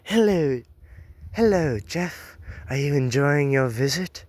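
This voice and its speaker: A man's voice: a little high, animated, slow pace, darkish tone, no room sound. A man voicing a menacing female killer, putting on a British gangster accent. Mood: taunting. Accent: British gangster put-on. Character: female killer stalking her prey, menacing.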